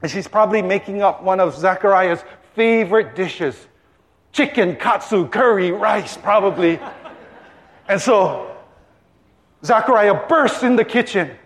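High-voiced, unhurried male pastor. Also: lively intonation, a bit bright. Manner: storytelling, playful. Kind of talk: sermon.

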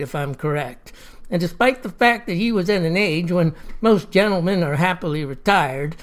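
Folksy woman telling a fireside tale. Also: on the low side. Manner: folksy, chatty. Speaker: storyteller.

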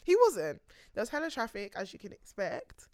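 A woman's voice: medium pitch, normal speed, no echo, studio quality. A young woman, telling a story in casual chat, laughing often and acting out what people said. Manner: animated storyteller, laughs often, acts out quotes. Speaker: podcast co-host.

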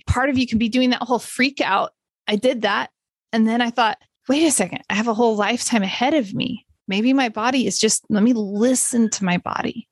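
A woman's voice: fairly high pitch, no echo. A middle-aged woman hosting a solo podcast, chatty and encouraging, sometimes laughing at herself. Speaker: podcast host. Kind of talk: casual solo podcast talk.

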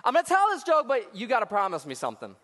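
High-voiced joking man preaching. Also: wildly swooping pitch, quick pace, fairly bright tone, long reverb tail. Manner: joking, talks back to the crowd. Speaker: associate pastor. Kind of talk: sermon. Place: church auditorium before hundreds of people.

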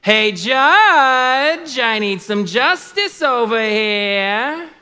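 A high, piercing, desperate widow calls out again and again for justice, as a preacher puts her on. The shouted pleas swing wildly in pitch. They ring through a big reverberant hall. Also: lively intonation, drawn-out words, clear, resonant tone, exaggerated voice. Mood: demanding. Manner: shouting insistent demands. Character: desperate persistent widow woman pleading loudly. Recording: long reverb of a large hall.

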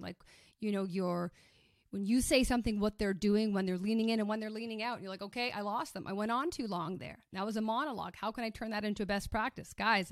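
A woman sales coach in a casual podcast conversation, talking in an animated, emphatic way with quick restarts. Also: medium pitch, dry recording, studio quality.

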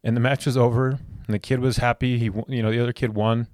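A man's voice: mid-range voice, flat delivery, fast talker, darkish tone, no room sound, studio quality. A man hosting a podcast, telling a heartfelt personal story about his son with many restarts and repeated words. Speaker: podcast host.

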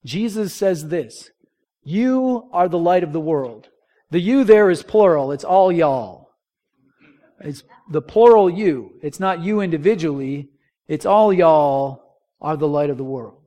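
Male pastor, slightly high voice; conversational sermon with call-and-response. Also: expressive, unhurried, a little mellow. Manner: conversational preaching with rhetorical questions and call-and-response.

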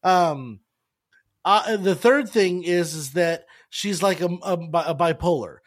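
A man's voice: high voice, measured pace. A man hosting a casual film review chat, asking questions and often restarting his sentences. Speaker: podcast host.

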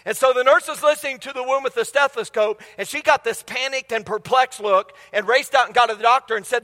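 A man's voice: very high voice, fairly even intonation, a little fast, hardly any pauses, bright, forceful tone. A middle-aged man preaching a sermon, telling humorous family stories and quizzing his congregation. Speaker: pastor. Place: church sanctuary. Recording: long reverb of a large hall.

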